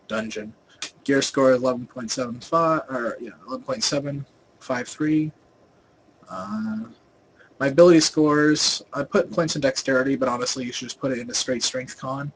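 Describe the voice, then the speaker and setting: A man's voice: mid-range voice, slight background noise, low-quality recording. A young man casually talking through a game guide over his screen, rambling with lots of fillers and restarts, his volume rising and falling. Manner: volume rises and falls a lot. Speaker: gaming video host.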